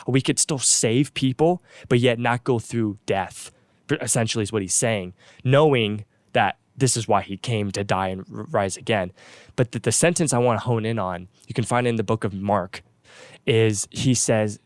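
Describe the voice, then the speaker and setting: A man's voice: on the low side, moderate pace, no echo. A man who is a pastor and co-host, talking through a Bible story in an earnest, casual sermon-like way, often restarting and repeating words. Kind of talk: casual faith talk, sermon-like retelling.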